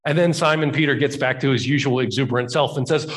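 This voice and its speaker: A man preaching a sermon as a pastor, telling the story conversationally and slowing down for emphasis. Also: mid-range voice.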